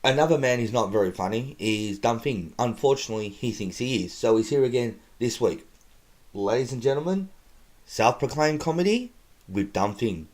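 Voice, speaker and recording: A man's voice: medium pitch, lively intonation, moderate pace, a little mellow. A man hosting a comedy show, teasing his guests in a mocking tone. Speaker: host.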